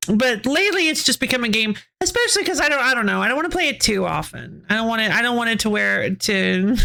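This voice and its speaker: Bright, chatty woman streamer. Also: a little high, creaky. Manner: rambling, restarts sentences, giggles often. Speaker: game streamer. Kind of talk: casual live-stream chat, answering chat.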